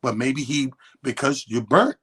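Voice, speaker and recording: Husky guy on a radio show, swearing a lot, doing the back-and-forth of an argument in his story. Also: mid-range voice, a little slow. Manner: animated, profane, acts out both sides of quotes. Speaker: radio co-host. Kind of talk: casual storytelling chat. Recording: radio studio.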